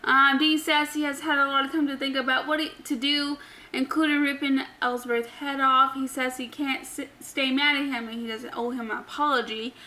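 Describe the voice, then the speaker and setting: A woman's voice: high-pitched, flat delivery, moderate pace, bright, forceful tone, rough recording. A woman casually recapping a wrestling episode for her channel, chatty, with many ums and offhand opinions. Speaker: wrestling show recap host.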